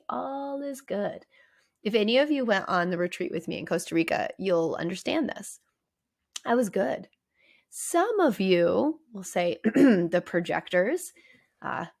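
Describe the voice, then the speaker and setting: A woman's voice: fairly low pitch, gravelly. A woman therapist talking candidly and conversationally on her podcast, with lots of "like" and "right?". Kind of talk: casual podcast monologue.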